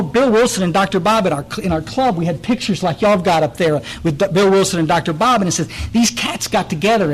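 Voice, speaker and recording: A man's voice: sits high, poor audio. A man, giving a blunt, direct recovery meeting talk full of stories and restarts, speaking in a meeting room.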